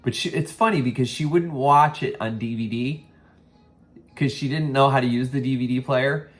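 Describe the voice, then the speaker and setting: A man hosting a casual thrift haul vlog, rambling with many ums and self-corrections. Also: medium pitch. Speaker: vintage reseller and vlog host.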